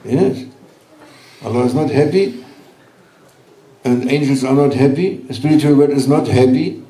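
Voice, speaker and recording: A man giving a sermon at a religious gathering, speaking gently and teasingly in broken English to reassure his listeners. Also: medium pitch, unhurried. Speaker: sheikh giving a religious talk. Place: large hall at a gathering. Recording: roomy hall, voice from far off.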